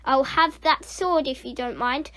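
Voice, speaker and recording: A woman doing a stern, booming schoolteacher. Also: unhurried, fairly bright tone. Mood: scolding. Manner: booming, scolding. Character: stern bossy female schoolteacher.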